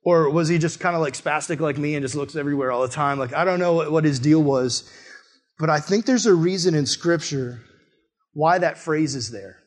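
A young man, a missionary, preaching a sermon through a personal story in a casual way, full of "like", and jumping high and loud when he acts out his own reactions. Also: moderate pace. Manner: animated storytelling, often rising high and loud in quoted outbursts; casual, peppered with "like".

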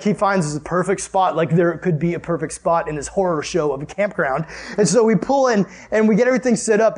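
A young man leading a youth group, telling a story in a chatty, animated way and laughing often before moving into Bible study. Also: high voice.

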